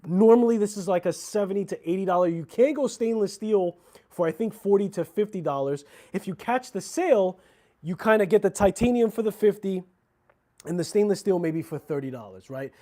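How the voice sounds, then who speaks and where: A man's voice: high voice, animated, fairly quick, warm tone. A man hosting a casual livestream about watches, talking in a chatty, slangy, rambling way with frequent restarts. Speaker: watch channel host.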